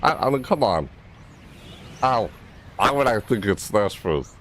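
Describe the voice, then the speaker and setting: A young man giving live reaction commentary, rambling and excitable, often breaking into laughter. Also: fairly low pitch, unhurried, slight background noise. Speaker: reaction streamer.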